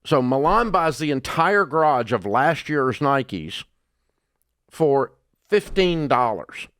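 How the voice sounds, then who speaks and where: A man in a studio delivers a blunt talk-radio rant, scornful and forceful. His voice leaps up in pitch and volume when he gets worked up. The sound is close and dry. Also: expressive, slow, no echo. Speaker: radio show host.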